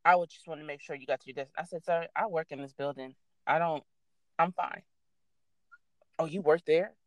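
A young adult woman casually telling a story, animated and swearing freely as she acts out what people said. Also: sits low, moderate pace, dry recording.

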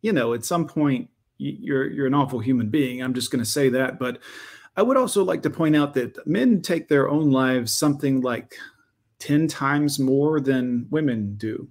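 A man's voice: mid-range voice, normal speed, a little mellow. A man doing a sarcastic reaction commentary, interrupting a clip with wry asides.

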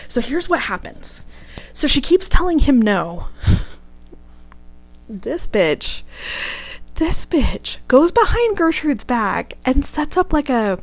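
Woman podcast host, worked up and swearing a lot, kinda high voice, chatty storytelling. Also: a little slow. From United States. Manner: animated, indignant, swears freely. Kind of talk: casual storytelling.

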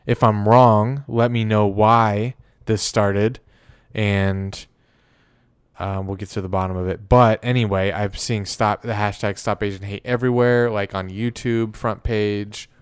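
Man, podcast host, smooth lowish voice, relaxed chatty delivery with fillers. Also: a little slow, no room sound. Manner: easygoing, filler-heavy, questioning. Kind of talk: casual chat.

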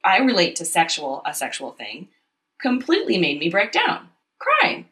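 Woman cohost, lowish voice, chatty and super open, telling her own story. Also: normal speed. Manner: open, confessional, animated storytelling. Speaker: podcast co-host. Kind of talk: candid casual chat.

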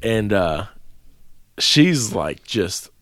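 A man's voice: on the low side, big pitch swings, very slow, a bit bright, dry recording. A man co-hosting a podcast, telling a long profane story in casual chat from a small dry room. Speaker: podcast co-host.

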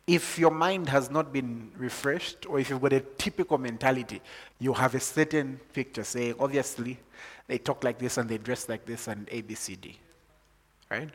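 A man from Zambia preaching a sermon, moving from calm teaching to loud, excited preaching. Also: mid-range voice, normal speed, slightly rough, long reverb tail.

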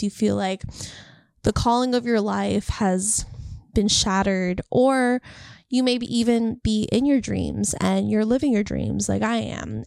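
A woman's voice: mid-range voice, vocal fry, a little mellow, no room sound, clean studio sound. A young woman talking casually and earnestly to camera about faith and encouragement, rambling and heartfelt. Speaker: faith vlogger. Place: California.

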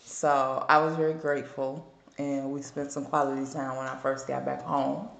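A woman, co-hosting a podcast and telling a lively story with plenty of laughter. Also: a bass voice, normal speed, gravelly. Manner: animated storytelling, laughs often. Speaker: podcast co-host. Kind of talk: casual chat. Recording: echoey room.

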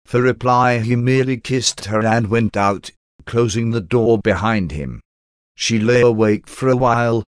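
A man narrating a gothic tale as an audiobook, in a measured storytelling manner. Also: fairly low pitch, no echo, clean studio sound.

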